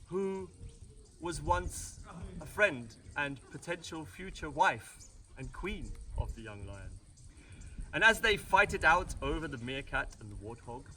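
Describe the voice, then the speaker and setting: Give me a jokey British man telling a story at home, slightly high voice. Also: sharp tone, distant mic. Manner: rambling, jokey asides, frequent restarts. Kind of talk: comic family retelling. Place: family home at Christmas.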